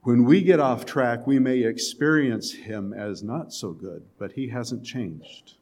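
A man preaching a sermon in a conversational way, with quiet, emphatic lines and the odd chuckle. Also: medium pitch, slow. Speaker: pastor.

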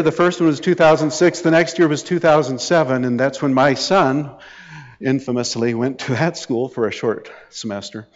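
A middle-aged man preaches, telling personal stories with a wry, sarcastic edge. His voice sits at an ordinary pitch and carries a long reverb from a large hall. The sound is a bit dull and muffled. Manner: anecdotal, wry and sarcastic asides. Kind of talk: sermon storytelling.

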